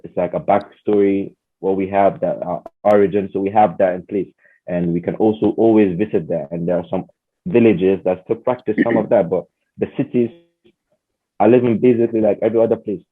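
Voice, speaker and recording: A young Nigerian man, a podcast guest, telling stories in a relaxed, plain way. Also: sits low, fairly quick, breathy edge. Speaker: podcast guest, former master's student. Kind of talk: casual interview talk. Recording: narrow phone-like sound.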